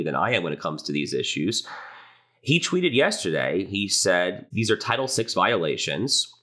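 A man's voice: sits low, sharp tone. A man hosting a podcast, delivering an indignant, impassioned opinion monologue. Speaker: podcast host.

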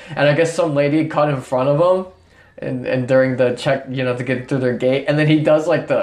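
Swearing, animated casual man. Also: medium pitch, quick pace. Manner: loose, swearing, animated storytelling. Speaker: podcast co-host. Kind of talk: casual chat.

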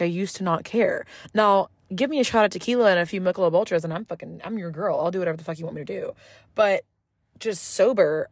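A woman's voice: lowish voice, no echo. Woman rambling profanely from her car. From Southeast Texas. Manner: rambling, profane, self-mocking. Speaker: podcast host. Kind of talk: casual solo podcast monologue. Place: inside her parked car. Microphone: phone held up to her mouth.

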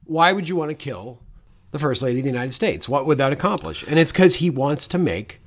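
Animated podcast co-host. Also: male voice, fairly high pitch, fairly quick. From Canada. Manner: animated, does comic impressions. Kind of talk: casual movie-review chat.

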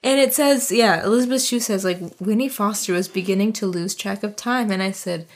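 A woman's voice: mid-range voice, fairly quick. A woman in casual chat, retelling a film's plot in a loose, jokey, profane way. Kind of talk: casual chat recapping a film.

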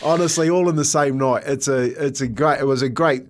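Middle-aged kiwi guy telling old stories, keeps laughing, mid pitch. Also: brisk. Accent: New Zealand. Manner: animated anecdotes, laughs often. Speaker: podcast co-host, former rugby league player. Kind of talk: casual storytelling chat.

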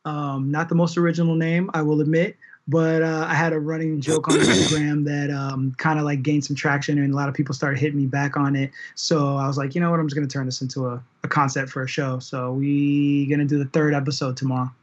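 A man's voice: a little high, flat delivery, brisk, few pauses. A man chatting casually as a guest on a podcast over a video call, laid-back and slangy, swearing freely. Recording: dull lo-fi call audio.

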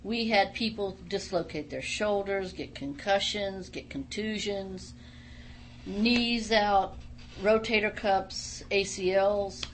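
A woman's voice: medium pitch, slow, a little hiss or hum. A middle-aged woman, a former wrestler and studio guest, tells stories emphatically in a casual radio interview. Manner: animated, emphatic storyteller.

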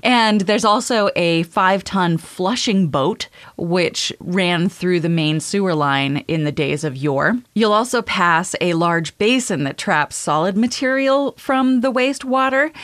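A woman's voice: fairly low pitch, no room sound. A woman co-hosting a podcast, enthusiastically explaining a topic from her notes with wry asides in casual chat. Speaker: podcast co-host.

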